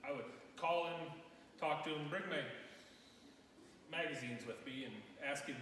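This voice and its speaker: A man being interviewed in his shop, telling a sentimental story in a halting, emotional way. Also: a little high, a bit bright, a little hiss or hum. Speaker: interview guest, truck owner. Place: his own shop, indoors. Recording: roomy echo from far off.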